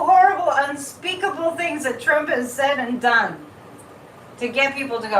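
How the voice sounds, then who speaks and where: Brief: high, bright-voiced woman hosting a live chat stream, animated and repetitive. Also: a little slow, slight background noise. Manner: animated, repeats words, reads viewer comments. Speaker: psychic livestream host. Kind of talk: casual livestream chat. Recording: echoey room, mic at a distance.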